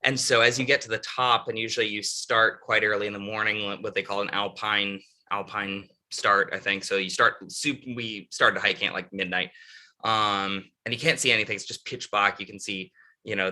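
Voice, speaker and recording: A man's voice: lowish voice, little pitch movement, moderate pace, sharp tone. A man, an author and podcast guest, telling a travel story in a rambling, casual way with many restarts.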